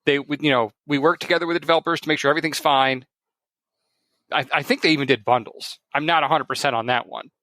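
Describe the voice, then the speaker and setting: A man's voice: a little high, fast, no echo. A man co-hosting a podcast in casual chat, telling stories with animation and frequent laughter. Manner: animated storyteller, laughs often. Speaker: podcast co-host.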